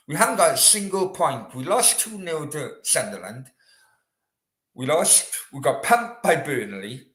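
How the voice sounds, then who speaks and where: A man's voice: medium pitch, a bit bright, reverberant. A man hosting a casual live chat with viewers, chatty and rambling. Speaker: host. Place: room in Australia.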